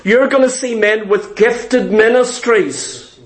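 A man preaching a sermon, emphatic and deliberate, repeating phrases for stress. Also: high-pitched, rough recording. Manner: slow, deliberate delivery.

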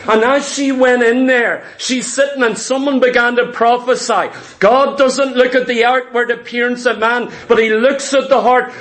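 A man's voice: extremely high pitch, fairly bright tone. A man preaching a sermon, telling stories with acted quotes and frequent stammered restarts.

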